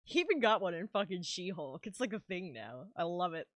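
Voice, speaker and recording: Low-voiced woman chatting while she draws. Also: sing-song, fairly quick, dry recording. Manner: chatty, swears freely. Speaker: artist streamer. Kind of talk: casual chat while drawing.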